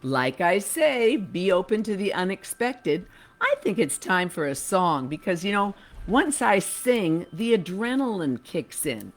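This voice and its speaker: A woman's voice: mid-range voice, very animated, measured pace. A woman hosting a chatty livestream show from her home studio, with playful, theatrical, campy humor. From United States. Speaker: host and cabaret singer. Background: music.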